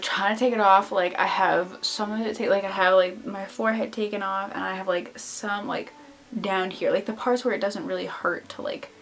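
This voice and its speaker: A young woman vlogger casually telling an embarrassing story to the camera, filling her talk with "like". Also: mid-range voice. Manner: chatty, lots of "like" fillers.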